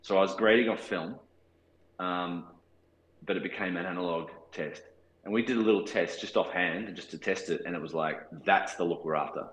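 A man's voice: deep voice, brisk, a bit bright, echoey room, low-quality recording. A man in his forties with an Australian accent, a cinematographer talking thoughtfully in an interview, with many restarts and fillers. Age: 40s. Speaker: cinematographer guest. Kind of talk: casual interview talk.

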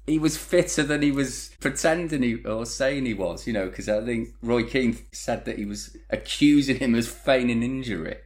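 A man co-hosting a casual chat, measured and reflective, laughing easily. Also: medium pitch. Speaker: podcast co-host.

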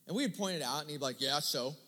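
A man preaching a sermon, telling a story in a casual, lively way and acting out the dialogue. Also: a little high, rapid-fire. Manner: conversational, animated retelling with quoted dialogue. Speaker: pastor. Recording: long hall reverb.

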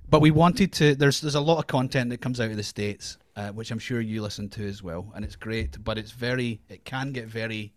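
A man's voice: on the low side, brisk, few pauses, no room sound. A Scottish man co-hosting a casual podcast chat. He rambles, restarts sentences and fills gaps with ums. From Scotland. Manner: rambling, many restarts and fillers, laughs often. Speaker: podcast co-host.

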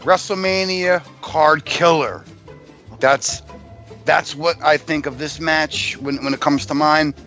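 A man co-hosting a wrestling podcast in casual chat, blunt and quick to get angry. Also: fairly high pitch, level tone, pushed and bright, muffled recording, soft background music. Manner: blunt, gruff, the angry one. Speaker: podcast co-host.

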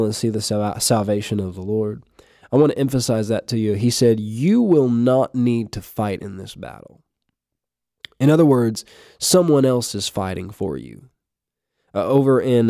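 A man giving a short devotional podcast talk, halting with fillers and restarts, reading scripture aloud. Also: lowish voice, dark tone, no room sound, clean studio sound. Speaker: podcast preacher.

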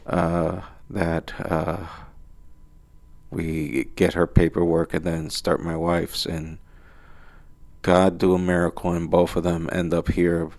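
A man's voice: sits low, darkish tone. A man from the Dominican Republic hosting a solo podcast, rambling and cursing while he mocks himself. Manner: rambling, profane, self-mocking. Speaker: podcast host. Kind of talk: casual solo monologue.

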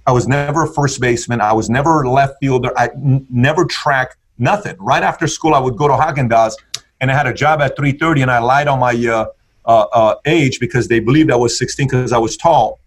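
A man's voice: medium pitch, fairly quick. A man telling his story in conversation with an intense, punchy motivational delivery. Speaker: guest entrepreneur.

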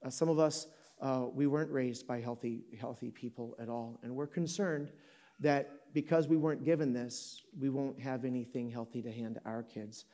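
A pastor from Michigan in his fifties preaches in a mid-range, somewhat mellow voice. He talks conversationally to a live audience in an auditorium, joking and correcting himself as the story goes.

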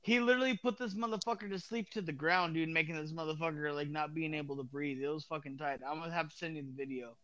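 High, smooth-voiced man rambling casually. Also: steady tone, bright, forceful tone, no echo, lo-fi sound. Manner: rambling, halting, full of fillers and restarts. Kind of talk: casual chat.

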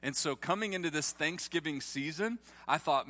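A man's voice: a little high, lively intonation, a little fast, few pauses, pushed and bright. A man, preaching a sermon in a livestreamed church and joking with the congregation. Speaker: pastor.

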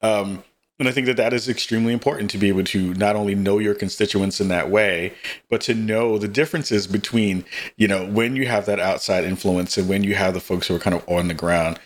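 A man's voice: fairly low pitch, fairly even intonation, fairly quick. A man hosting a podcast interview, earnest, asking long winding questions with fillers. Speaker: podcast host. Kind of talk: casual interview.

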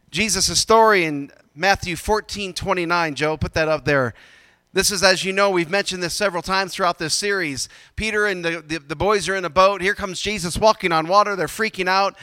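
A man preaching a sermon, swinging from loud emphatic bursts to quiet low asides. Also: no room sound, big-room sound. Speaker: pastor.

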